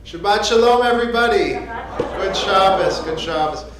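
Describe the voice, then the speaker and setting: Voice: medium pitch, normal speed, background noise. A rabbi giving a conversational, joking sermon from the pulpit of a synagogue. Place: synagogue sanctuary. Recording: echoey sanctuary.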